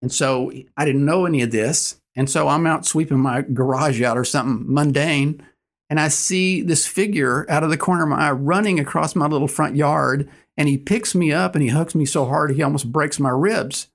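A man in his sixties, a guest telling stories in conversation, earnest and animated, acting out the dialogue. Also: a little high, normal speed. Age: 60s. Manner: earnest, animated storyteller who acts out dialogue. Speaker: guest, business owner. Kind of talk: conversational storytelling.

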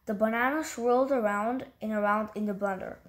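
Higher-voiced woman reading a storybook aloud. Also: brisk. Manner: unpolished reading with stumbles and restarts. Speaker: story reader. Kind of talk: read-aloud storybook narration.

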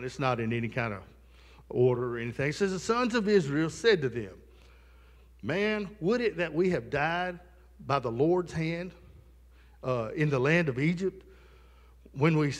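A man's voice: fairly high pitch, big-room sound. A male pastor preaching a sermon in a conversational style, with asides to the congregation in a church sanctuary.

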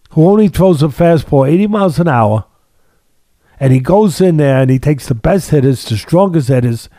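A man's voice: medium pitch, mellow, dry recording, studio quality. A man hosting a casual sports talk podcast as a boxing analyst. He talks emphatically, repeating phrases for stress, with a sardonic edge and long analogies.

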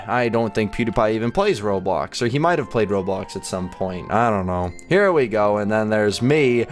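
A young man, a gaming YouTuber, commenting playfully and excitably as he plays, his voice jumping up in squeals. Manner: playful, excitable, quick jumps in pitch, mock voices of friends. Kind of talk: playing a game while commenting. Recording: faint background music.

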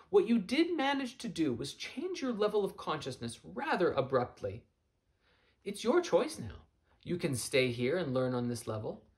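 Casting: male reader as a calm, wise seagull mentor, lively inflection, storybook reading. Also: on the high side, voice pushed up. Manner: gentle, patient, lightly playful.

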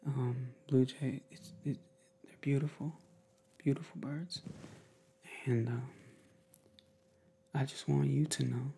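A man chatting to viewers in a casual ASMR video, moving between soft talk and whispers, rambling, upbeat and affectionate. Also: medium pitch, level tone, slow pace, creaky, long pauses, slight background noise. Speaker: ASMR creator.

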